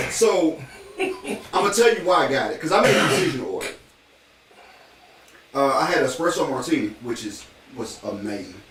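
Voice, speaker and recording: Animated man in a roomy echo. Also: mid-range voice, moderate pace, long pauses. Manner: laid-back, says "bro" a lot, animated storytelling. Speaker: podcast co-host. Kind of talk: casual chat. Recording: echoey room, mic at a distance, faint noise.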